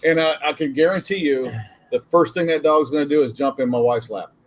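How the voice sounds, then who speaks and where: A man's voice: on the high side, brisk, a little hiss or hum. Man chiming in with dry asides. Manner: short interjections, dry asides. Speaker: podcast co-host. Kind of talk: casual chat.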